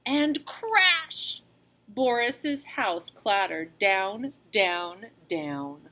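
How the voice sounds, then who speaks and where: A woman reading a children's storybook aloud in an expressive, animated way, as a teacher. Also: mid-range voice, drawn-out words.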